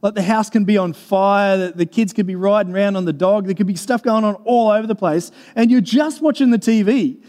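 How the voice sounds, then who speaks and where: A high-pitched man preaches in a church, his voice carrying a long reverb through the hall. He talks earnestly and conversationally, repeating key phrases for emphasis and often restarting his sentences. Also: fairly quick, hardly any pauses, a little mellow. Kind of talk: sermon.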